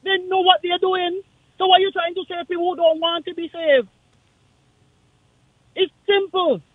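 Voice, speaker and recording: A man with a Kittitian accent calling in to a radio talk show, speaking in an impassioned, forceful, repetitive way. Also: very high voice, fairly even intonation, moderate pace, no echo. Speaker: caller. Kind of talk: call-in radio rant. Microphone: phone line. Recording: tinny dry phone line.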